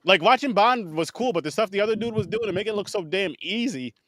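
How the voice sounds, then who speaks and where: A man co-hosting a film podcast, talking excitedly and swearing freely in casual chat. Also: high voice, fast talker, no echo. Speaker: podcast co-host.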